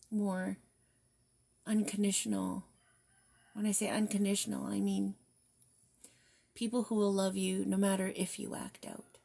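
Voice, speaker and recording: A woman gives a spiritual guidance card reading in a mellow, gravelly voice full of vocal fry. Her pitch stays flat and even as she talks in a soft, reflective way, often sinking to near-whispers. She slips in casual swearing between gentle encouragement. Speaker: tarot reader.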